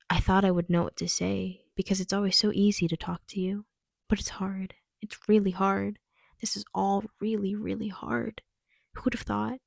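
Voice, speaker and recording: A woman reading aloud as a terminally ill lover writing a tender farewell letter, in a gentle, wistful, earnest way. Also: on the low side, gravelly, no room sound. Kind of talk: reading her own fiction aloud.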